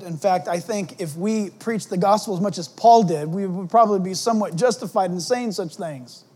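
A man's voice: high-pitched, a little mellow. A male pastor preaching an expository sermon, emphatic and full of rhetorical questions.

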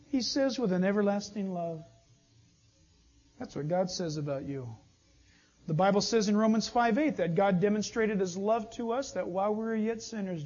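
A man preaching a sermon, his pitch leaping all over as he acts out small back-and-forth exchanges. His voice is high and a bit husky. The sound is dull and lo-fi. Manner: animated preaching, acts out little dialogues. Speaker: pastor.

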